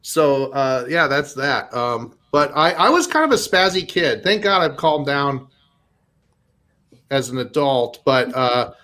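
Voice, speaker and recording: A man's voice: medium pitch, very animated, measured pace, pushed and bright. A man in his forties from Minnesota doing a stand-up set, rambling and self-deprecating, laughing at his own lines between fillers. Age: 40s. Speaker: stand-up comedian.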